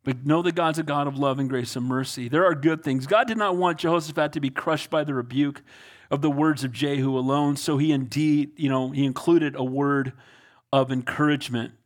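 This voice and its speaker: A pastor delivers an emphatic sermon in a high, bright-edged voice. He talks to his congregation in a casual way and often checks in with "amen?" and "right?" from the pulpit. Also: fairly even intonation, brisk. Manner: emphatic preaching with frequent calls of amen and right. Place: church sanctuary before a congregation.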